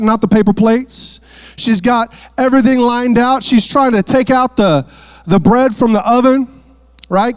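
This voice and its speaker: Preacher, high-voiced man, jokey asides, dry close sound. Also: dry recording. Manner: playful asides, repeats words. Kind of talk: sermon.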